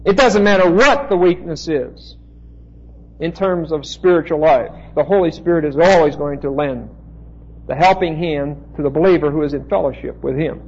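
Male preacher, high voice, slow measured delivery, Bible teaching, dull lo-fi recording. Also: slightly rough. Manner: slow, deliberate, spelling out Greek words.

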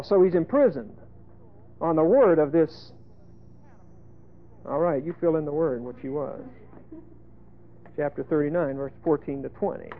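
A male preacher giving a folksy sermon, emphatic, with sudden loud bursts and asides. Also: on the high side, lively intonation, unhurried, pauses often. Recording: tinny phone-like lo-fi sermon tape.

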